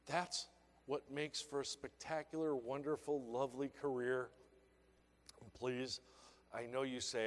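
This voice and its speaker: A man's voice: mid-range voice, unhurried. Older man giving a motivational talk. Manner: emotional, emphatic storytelling. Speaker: keynote speaker. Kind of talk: motivational conference speech. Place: large conference hall. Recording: reverberant hall sound.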